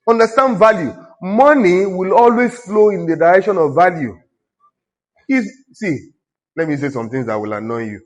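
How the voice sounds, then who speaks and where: A man with a Nigerian accent preaching a sermon as a pastor, exhorting and teasing his congregation in a conversational way. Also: a little high.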